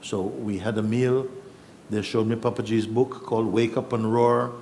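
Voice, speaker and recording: A middle-aged man, a spiritual teacher, relaxed and chuckling as he tells his story to a gathering and acts out the voices in it. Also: on the low side, moderate pace, vocal fry, a little hiss or hum. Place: yoga festival gathering.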